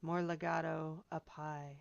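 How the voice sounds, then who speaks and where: A woman's voice: sits low, little pitch movement, unhurried, gravelly, no room sound, muffled recording. A woman piano teacher giving chatty, encouraging feedback to students in a seminar, singing out rhythms as she explains.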